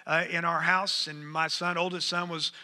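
In a church sanctuary with long hall reverb, a middle-aged pastor delivers a sermon at a moderate pace. His voice sits on the high side, level yet bright and forceful. He chats with the congregation and urges them on with "come on."

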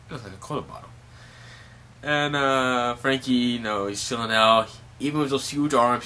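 A man's voice: on the low side, sharp tone, a little hiss or hum. A man casually recapping a manga chapter, rambling with many fillers. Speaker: manga reviewer.

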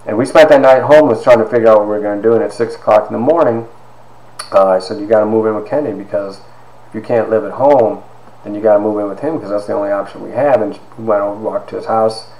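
A middle-aged man giving a personal testimony, telling his story and quoting people in quieter asides. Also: lowish voice, quick pace, reverberant, poor audio.

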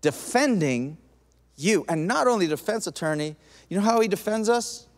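A male pastor preaching a sermon, acting out quoted voices in an animated way. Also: high-pitched, normal speed. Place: church auditorium. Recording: long hall reverb.

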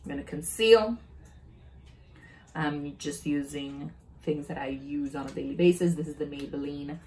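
Low-voiced woman, chatty makeup vlog. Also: normal speed, darkish tone, poor audio. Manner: chatty, self-narrating, easily delighted. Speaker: beauty vlogger. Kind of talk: casual makeup unboxing chat.

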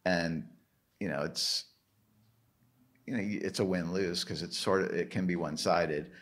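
Low-voiced man, halting and thoughtful. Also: fairly even intonation, husky. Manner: halting, restarts, many "like" and "you know" fillers. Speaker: guest, record label founder. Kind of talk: casual interview chat.

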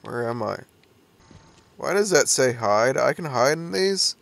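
A man's voice: medium pitch, animated, measured pace, vocal fry, fairly bright tone, a little hiss or hum. A young man playing a horror game and commenting on it, nervous and jumpy, laughing off the scares. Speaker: let's play gamer.

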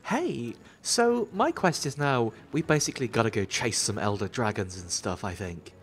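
A man's voice: mid-range voice, lively intonation, normal speed, fairly bright tone. A man hosting a gaming stream, chatting in a jokey way and laughing often. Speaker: stream host. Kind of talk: casual gaming chat.

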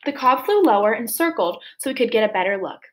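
A woman teacher reads a chapter book aloud, giving the scenes plenty of expression. Her voice sits a little high. She pauses now and then to speak to the children. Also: lively intonation, a little hiss or hum.

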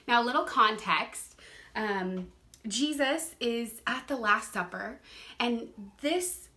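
A young woman leads a casual Bible study, speaking earnestly in a slightly high voice. She laughs often and doubles back on her words as she explains each verse. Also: animated, takes it slowly, sharp tone. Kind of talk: casual scripture teaching.

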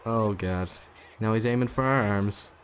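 A young man giving casual, excitable commentary over his own wrestling video game match, swearing and taunting the opponent. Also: fairly low pitch, unhurried, slight background noise. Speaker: gaming YouTuber.

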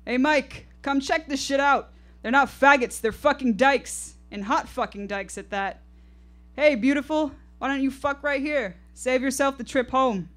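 A woman performing a drunk, hateful man who shouts crude taunts, in a live storytelling piece. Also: mid-range voice, fairly even intonation, moderate pace, few pauses, faint music behind, close to an everyday voice. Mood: jeering, menacing. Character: drunk belligerent young man, hateful heckler.

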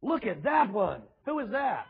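A man's voice: sits high, big pitch swings, unhurried, creaky, narrow, tinny audio. A male preacher, preaching a sermon in a mocking, sarcastic way with emphatic repetition, in a church with children present.

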